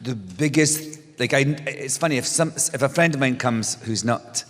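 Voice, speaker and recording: A man's voice: medium pitch, normal speed. A middle-aged man, a guest telling stories in a casual onstage conversation, with many restarts and frequent laughter. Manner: animated storyteller, restarts, laughs often. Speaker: guest author. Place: stage before a live audience. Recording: long hall reverb.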